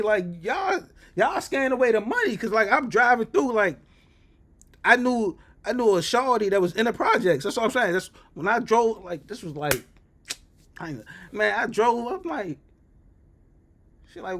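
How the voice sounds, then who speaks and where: A man telling a story in casual chat, animated and jumping into loud, high exclamations. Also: normal speed. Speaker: reaction streamer.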